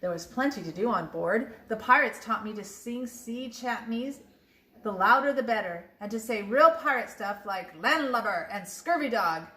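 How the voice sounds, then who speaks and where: An older woman reading a picture book to a grandchild, lively and expressive, stumbling now and then. Her voice sits fairly high and bright with animated swings, and a roomy echo surrounds it. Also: normal speed. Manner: lively, expressive read-aloud with small slips.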